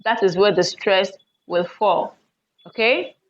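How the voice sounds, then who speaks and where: Slow patient lady teacher doing an english stress lesson, kinda muffled lo-fi audio. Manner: slow, patient, repeats example words loudly and high.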